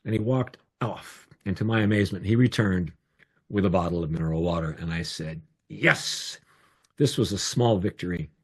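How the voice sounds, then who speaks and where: An older man tells a personal story with an animated, expressive delivery. His voice is low and slightly husky. The sound comes from a home video call microphone.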